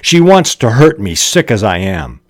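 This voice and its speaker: A man's voice: lowish voice, sing-song, normal speed, no echo, studio quality, voice pushed up. A man putting on a bitter, accusing sick mother. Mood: angry, accusing. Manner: accusing, self-pitying.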